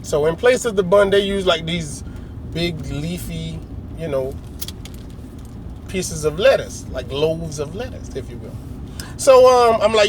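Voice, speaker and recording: A man's voice: a little high, animated, a little slow, long pauses, noisy background. A middle-aged man telling a long, rambling story in a casual, slangy way, often acting out other people's lines. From United States. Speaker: vlogger.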